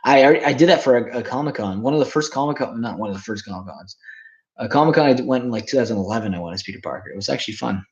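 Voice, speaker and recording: A man's voice: medium pitch, very fast, lo-fi sound. A man in his twenties, rambling and swearing casually while reacting to chat on a livestream. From Canada. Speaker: streamer.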